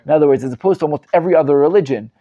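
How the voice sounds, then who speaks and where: Rabbi teaching a live class, animated and emphatic, slightly high voice, dull lo-fi sound. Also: male voice, rapid-fire. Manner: animated, emphatic, many restarts and repeated words. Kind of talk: live Torah class with student questions.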